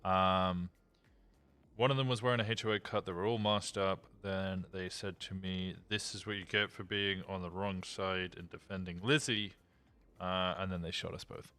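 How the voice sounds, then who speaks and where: A man playing a police officer in an online roleplay, talking in a flat, monotone way in casual chat. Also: deep voice, normal speed, smooth.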